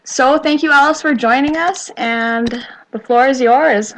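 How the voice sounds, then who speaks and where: A woman's voice: high-pitched, unhurried, fairly bright tone, poor audio. A woman hosting a podcast, upbeat as she reads out listener notes. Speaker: podcast host. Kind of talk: casual chat.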